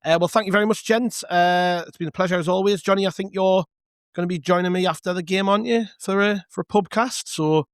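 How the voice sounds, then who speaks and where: Man, podcast host, fast, slightly high voice, dry close sound. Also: smooth, no room sound. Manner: jokey, quick-talking. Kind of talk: casual football podcast chat. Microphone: remote call.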